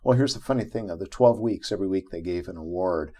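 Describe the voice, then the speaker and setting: A man's voice: low-pitched, fast talker. A middle-aged man, an interview guest, telling a personal story in conversation and acting out the quotes in it. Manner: animated, acts out quotes from his own story.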